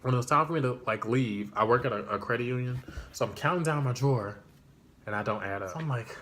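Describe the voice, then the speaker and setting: A young man telling a casual storytime vlog, slangy and full of fillers, leaping into a high excited voice when he quotes himself. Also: fast talker, slight background noise. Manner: animated, jumps to high excited pitch when quoting himself; loose slangy chat with many fillers. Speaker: storyteller vlogger.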